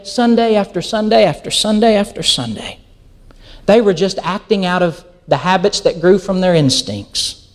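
Pastor guy preaching a sermon, lively up and down voice, acts out little bits of dialogue. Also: high-pitched. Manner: animated storytelling, acts out quoted dialogue.

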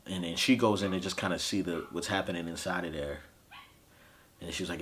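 A grieving man in his thirties with a very low, deep voice, recounting a family loss. He talks in halting, emotional bursts, restarting sentences and leaning on fillers. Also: steady tone, a bit bright, a little hiss or hum. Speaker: podcast host. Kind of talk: personal storytelling.

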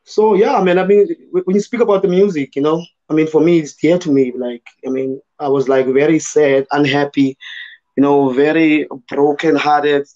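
A man from South Africa with a hoarse voice, talking loosely about his writing as a guest in an online panel, full of fillers like "you know" and "man". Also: fairly high pitch, fairly even intonation, normal speed, darkish tone, highs cut off. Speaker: guest poet. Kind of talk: casual conversation in a virtual panel.

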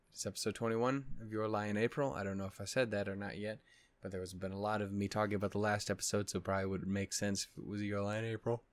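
A man with a fairly low voice, recorded without echo, runs an anime reaction channel. Sleepy and yawning, he sounds irritated, rambling with plenty of swearing and restarts in casual reaction-vlog conversation.

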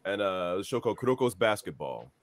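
A man, a voice actor guest, telling a joking, animated anecdote on a panel. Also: sits low, fast, no echo. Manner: animated, joking storyteller, laughing.

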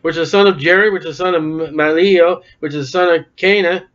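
A man's voice: fairly high pitch, fairly even intonation, brisk, fairly bright tone. A man preaching a sermon, reading scripture aloud and breaking off for wry, folksy joking asides. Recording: dull lo-fi recording.

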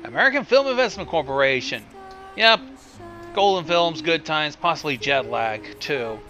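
A man's voice: a little high, lively intonation, normal speed, sharp tone, highs cut off, soft background music. A man hosting a riff on a film, in casual, profane and sardonic commentary. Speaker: host riffing on a film.

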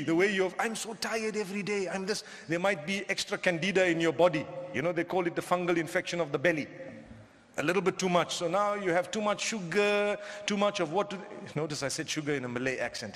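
A male preacher from southern Africa giving a humorous, animated lecture to a live audience and often questioning the crowd. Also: fairly high pitch, fast. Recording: long hall reverb.

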